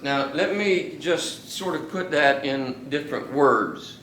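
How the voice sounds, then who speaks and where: A man's voice: on the high side, animated, a little slow, few pauses, a bit bright, echoey room, far from the mic, slight background noise, low-quality recording. A man teaching a Bible study to a small class in a casual, conversational way, often restarting sentences and asking the group questions.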